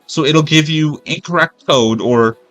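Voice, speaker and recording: A man's voice: fairly high pitch, a little slow, fairly bright tone, no room sound, soft background music. A man streaming a video game and ranting in a rambling, profane, exasperated way. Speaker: gaming streamer. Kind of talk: gameplay commentary rant.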